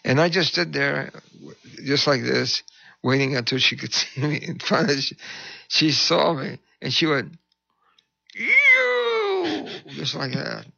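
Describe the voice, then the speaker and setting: A man's voice: medium pitch, normal speed, vocal fry, sharp tone, breathy edge, dry recording, dull audio. A man who is a pastor, telling a story in conversation and acting out the voices he quotes.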